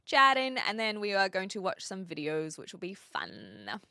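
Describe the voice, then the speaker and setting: Lively, bright-voiced young woman streamer. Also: mid-range voice, moderate pace, creaky, dry recording, clean studio sound. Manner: chatty, giggly, rambling with frequent fillers. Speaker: live streamer. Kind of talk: casual live-stream chat with viewers.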